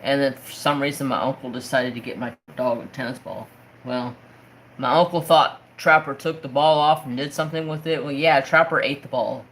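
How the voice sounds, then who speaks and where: A man's voice: mid-range voice, normal speed, low-quality recording. A man on a crafting livestream telling a story and reading chat. He swears and tells it with a lot of feeling. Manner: emotional, swearing, animated storyteller. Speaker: diamond painting crafter streamer.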